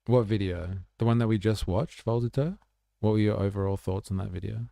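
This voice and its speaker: Male streamer, low and gravelly, blunt and sweary, reading chat in a dry close-miked sound. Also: brisk, dark tone, no echo. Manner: blunt, swears freely, chatty with many "like" fillers. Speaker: livestream host. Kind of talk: casual livestream chat, reading viewer comments.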